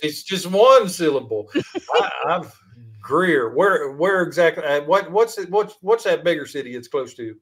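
A man's voice: a little high, very animated, a little slow, fairly bright tone. A man being interviewed as an author, chatting casually and cracking playful jokes. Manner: joking, playful banter. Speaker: author guest.

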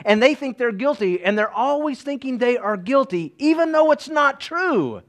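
High-voiced folksy pastor man. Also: animated, normal speed, fairly bright tone. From East Tennessee. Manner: folksy, joking asides to the congregation. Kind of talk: sermon.

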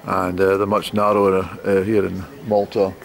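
A man's voice: low-pitched, completely flat delivery, normal speed, vocal fry. A man chatting in a rambling way as he narrates a walk through narrow town streets on a handheld camera. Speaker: travel vlogger. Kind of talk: walking travel narration. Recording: street noise and passing traffic.

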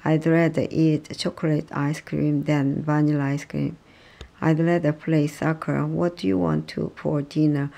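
A speaker reading English practice dialogues aloud, halting and restarting often. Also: mid-range voice, little pitch movement, creaky, mellow.

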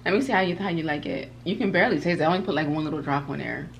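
A woman's voice: sits low, rapid-fire, vocal fry, slight background noise. A woman hosting a casual eating vlog, talking in an emphatic, encouraging way, like an older cousin giving advice. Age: older than 22. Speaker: food vlog host. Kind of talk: casual mukbang chat.

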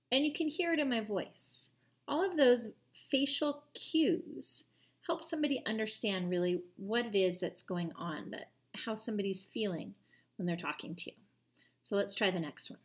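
A woman teacher giving a video lesson to children, speaking gently and patiently and asking them questions directly. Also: mid-range voice.

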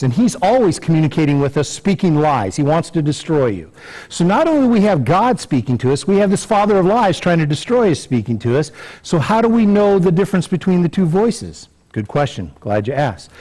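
A man's voice: on the high side, dark tone. A man preaching a conversational sermon in church, with many fillers and repeated words, acting out little scenes in a raised voice. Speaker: pastor.

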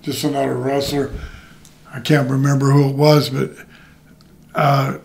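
A man's voice: medium pitch, flat delivery, unhurried, creaky. An older man, a retired wrestler, telling rambling and profane anecdotes in an interview. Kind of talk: shoot interview storytelling.

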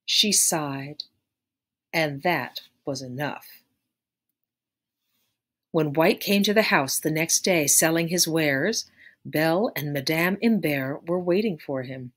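Female audiobook narrator, low voice, measured and expressive. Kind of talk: read-aloud narration of a story.

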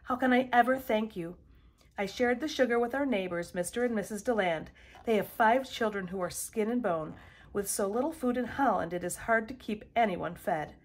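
A woman's voice: a little high, normal speed. Woman voicing a kind young Dutch girl. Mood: earnest.

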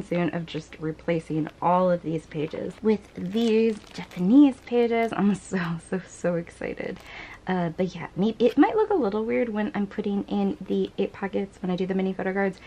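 A woman's voice: medium pitch, dark tone, slight background noise, rough recording. A young woman vlogging casually as she unboxes and sorts her collectibles, gushing and giggling often.

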